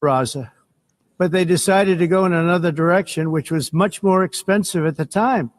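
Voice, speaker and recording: A man's voice: high voice, moderate pace. An older man from the United States giving a formal speech to an assembly, rambling and boastful.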